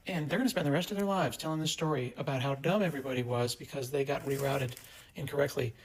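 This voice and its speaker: Man, raised pitch, dry, disapproving, casual commentary. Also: a little hiss or hum, low-quality recording.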